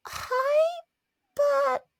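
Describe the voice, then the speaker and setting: A woman voicing a shy small child, speaking hesitantly in halting bits. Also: very high-pitched, fairly even intonation, creaky, pitched above the performer's own voice, full character voice. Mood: shy, wistful. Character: shy small girl, timid and soft. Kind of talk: comic impression on a podcast.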